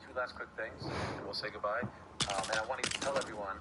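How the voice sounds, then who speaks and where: A man interviewing a fighter, moving things along with short, brisk prompts. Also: fairly low pitch, steady tone. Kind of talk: interview questions. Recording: interview clip with loud background noise.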